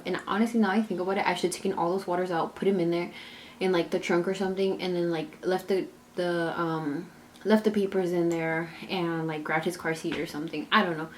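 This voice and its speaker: A young mother telling a storytime vlog in a chatty, run-on way, filling it with "like" and quoted back-and-forth. Her voice sits a touch low for a woman, with faint noise behind. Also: steady tone, a little fast, a little mellow. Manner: chatty, retells scenes with many "like"s and quoted dialogue. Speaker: vlogger and mother.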